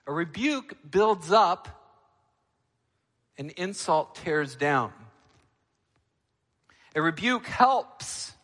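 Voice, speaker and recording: A male pastor preaching a sermon, emphatic, moving between loud, ringing lines and quiet, low ones. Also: slightly rough, long reverb tail.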